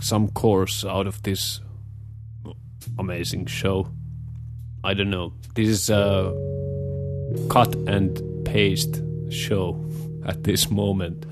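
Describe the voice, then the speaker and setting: Young Scandinavian-accented man, low voice, very slow hesitant delivery, guitar music underneath. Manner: hesitant, many filler pauses. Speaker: show host. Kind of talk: casual rambling monologue.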